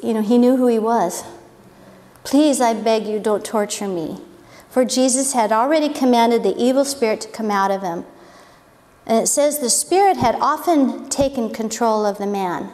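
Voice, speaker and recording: A woman's voice: fairly high pitch, normal speed, darkish tone. A woman giving an informal Bible lesson, chatty and wondering aloud. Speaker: Bible teacher. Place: church hall. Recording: echoey hall with long reverb.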